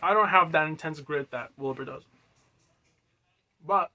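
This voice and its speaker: A man casually explaining how he made his own song, rambling loosely with many fillers and quiet trailing asides. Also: a little high, measured pace, pauses often. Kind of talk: casual music breakdown.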